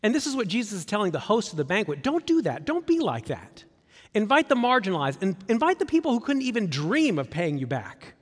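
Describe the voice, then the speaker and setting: Pastor, male, conversational sermon delivery; bright, very expressive pitch, long church reverb. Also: fairly quick, breathy edge. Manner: conversational, animated, acts out quoted voices.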